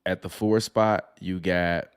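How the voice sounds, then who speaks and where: A man with a raspy voice hosting a live basketball podcast, breaking down matchups in casual talk. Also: low voice, fairly even intonation, takes it slowly. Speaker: podcast host.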